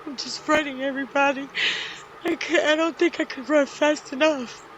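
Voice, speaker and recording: A middle-aged woman, a podcast guest, telling a personal story in a halting, grief-stricken way with many pauses. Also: high-pitched, steady tone, fairly bright tone, a little hiss or hum, low-quality recording.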